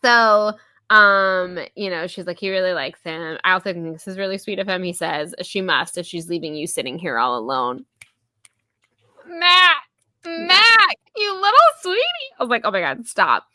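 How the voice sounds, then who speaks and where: Chatty woman with a bright, dry voice. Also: on the low side, no echo. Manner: chatty, many fillers, quick voiced quotes. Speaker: podcast host. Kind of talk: casual book review chat.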